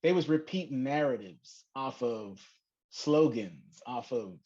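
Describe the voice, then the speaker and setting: A man co-hosting a podcast, talking in a loose, conversational way with drawn-out phrasing. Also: mid-range voice, expressive, mellow, breathy edge. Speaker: podcast co-host. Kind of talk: casual chat. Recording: dull lo-fi podcast audio.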